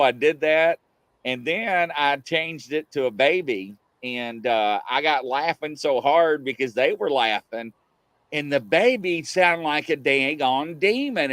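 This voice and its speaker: Male host, rambling live-chat storyteller with a lively, dry-sounding delivery. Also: on the high side, dry recording. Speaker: livestream show host. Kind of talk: casual live-show chat.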